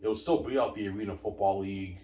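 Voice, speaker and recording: Man, very low voice, rambling emphatic monologue, repetitive, roomy echo, distant mic. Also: fast, warm tone, a little hiss or hum. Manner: repetitive, emphatic, keeps saying obviously and addressing viewers. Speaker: sports commentator.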